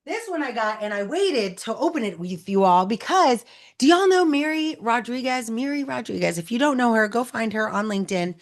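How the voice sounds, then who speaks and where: A woman hosting a show, chatting casually and bubbling over as she unboxes gifts, full of quick asides. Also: fairly high pitch, expressive. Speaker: host.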